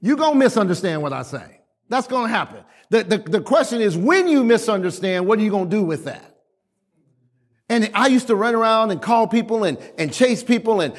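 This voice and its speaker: A man's voice: high-pitched, big pitch swings, brisk. A man preaching a sermon with emphatic call-and-response, repeating phrases and exhorting the congregation. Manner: repetitive, exhorting, varies volume widely.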